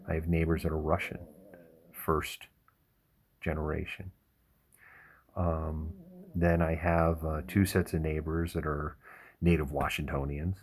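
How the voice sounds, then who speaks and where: A man hosting a livestream, telling rambling stories in a relaxed chat with frequent chuckles. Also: very deep voice, vocal fry, slightly rough. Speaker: livestream host. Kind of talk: casual chat.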